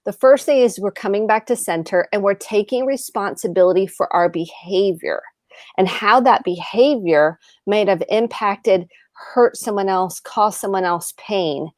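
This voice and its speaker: A woman's voice: medium pitch, a little slow, darkish tone, no room sound, clean studio sound. A woman therapist on a video call, explaining earnestly and acting out example phrases as she goes. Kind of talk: video chat advice talk.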